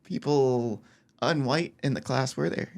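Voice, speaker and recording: A man's voice: mid-range voice, measured pace, creaky, darkish tone. A man who is a comedian, a guest on a casual podcast, joking playfully and laughing a lot. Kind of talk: casual chat.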